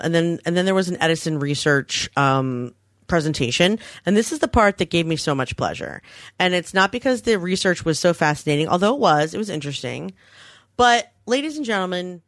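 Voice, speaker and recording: A woman's voice: no echo, studio quality. A woman co-hosting a podcast in casual chat, telling stories with acted-out quotes. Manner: animated storytelling, acts out quotes with big pitch jumps. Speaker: podcast co-host.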